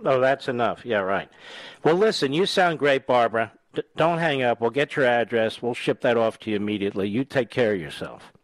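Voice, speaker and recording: A man's voice: medium pitch, expressive, fairly quick, no echo. A man in his sixties hosting a call-in radio show, blunt and emphatic. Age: 60s. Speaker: radio talk show host.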